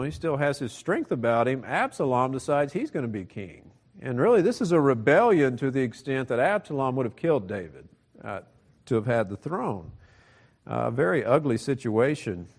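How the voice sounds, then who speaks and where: A man's voice: medium pitch, darkish tone. A male pastor preaching a sermon, explaining a scripture passage in a teaching manner.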